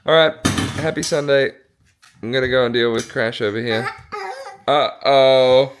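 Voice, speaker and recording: A woman's voice: a bass voice, fairly quick, noisy background. A young mother, chatty and laughing often, cooing at her baby in a casual family vlog.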